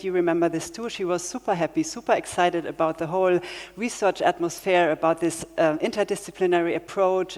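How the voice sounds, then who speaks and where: A woman's voice: lowish voice, a little mellow. Chatty woman moderator in a reverberant hall. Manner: chatty, informal, with fillers. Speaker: conference moderator. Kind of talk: introducing speakers. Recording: echoey hall with faint crowd.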